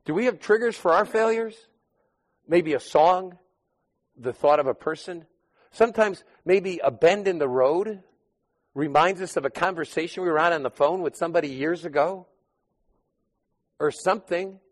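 A man preaching a sermon in a conversational way, rising to loud emphatic bursts and dropping to quiet asides. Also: fairly high pitch, moderate pace, long pauses. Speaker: pastor.

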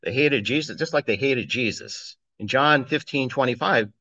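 A man's voice: medium pitch, moderate pace, sharp tone, dry recording, lo-fi sound. A man giving a conversational sermon, reading scripture aloud and chuckling between points. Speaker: preacher. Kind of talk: informal sermon on a psalm.

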